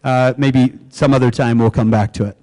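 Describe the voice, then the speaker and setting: A middle-aged man giving a humorous keynote speech to educators, joking and quizzing the audience with quick questions. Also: medium pitch, fairly even intonation, dark tone, low-quality recording. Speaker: keynote speaker.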